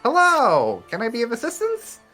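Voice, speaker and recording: A man's voice: extremely high pitch, huge pitch swings, moderate pace, sharp tone, faint music behind, pitched above the performer's own voice, heavily acted. A man voicing a group of small gnomish automatons that repeat the same service phrases in a sing-song way. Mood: chirpy.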